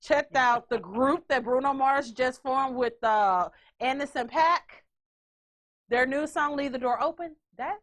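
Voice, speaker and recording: Woman, podcast host, casual chat, profane and joking, high pitch. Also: measured pace, fairly bright tone.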